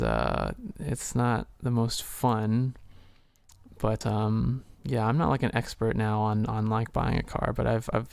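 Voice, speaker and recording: With keyboard clicks behind him, a man streams from home and chats loosely, filling his speech with fillers and a bit of swearing as he acts out both speakers in a conversation. His mid-range voice is creaky yet smooth, and the recording has no room sound.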